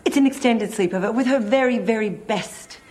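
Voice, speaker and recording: A woman's voice: on the high side, brisk, a little mellow, natural voice. An actress playing a flustered woman who poses as a farm author and hurries to keep the story straight. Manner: flustered, talking over herself, bossy under pressure.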